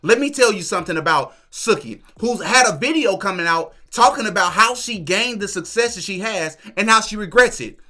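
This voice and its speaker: A man's voice: high-pitched, lively intonation, a little fast, hardly any pauses, pushed and bright. A man hosting a commentary channel, reacting to clips with indignant rhetorical questions.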